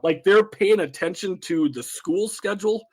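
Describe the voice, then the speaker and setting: Podcast co-host, male, rambling casual chat, a bit high-pitched. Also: normal speed, a little mellow, breathy edge. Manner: rambling, laughs while retelling quotes. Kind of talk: casual chat about a film.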